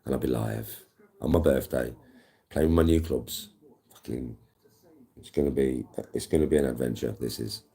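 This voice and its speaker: Very deep-voiced chatty man. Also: moderate pace, pauses often, mellow. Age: 40s. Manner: chatty, swears freely, reads viewer names. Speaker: livestreamer. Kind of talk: casual live-stream chat.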